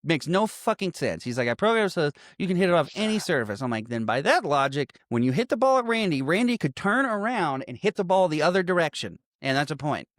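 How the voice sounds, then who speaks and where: A man's voice: fairly high pitch, brisk, hardly any pauses, dry recording. A man co-hosting a casual movie podcast, recapping scenes with a lot of swearing and bursts of acted-out quotes. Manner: animated, swearing, acts out quotes in jumpy voices. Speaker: podcast co-host.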